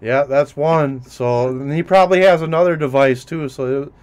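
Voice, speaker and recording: A man's voice: a little high, normal speed, a little mellow, clear, resonant tone. A man hosting a casual profane chat show with a Minnesotan accent, rambling and laughing as he mocks others. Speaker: host.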